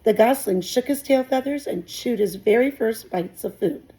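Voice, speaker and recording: A woman teacher reading a children's book aloud with calm, clear storytelling. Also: on the high side, moderate pace, low-quality recording.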